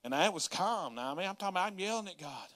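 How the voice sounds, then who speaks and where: Pastor, male, bright, slightly high voice; folksy sermon delivery that swells into loud pleading. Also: expressive, racing. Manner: folksy Southern-style preaching, rising to yelling in acted prayers.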